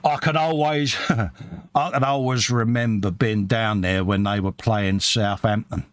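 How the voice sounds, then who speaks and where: A man's voice: on the low side, a little slow, clear, resonant tone, no room sound. A middle-aged man with a Cockney accent, chatting casually on a live stream and reading out viewer comments. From East End of London. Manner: chatty, lively storyteller.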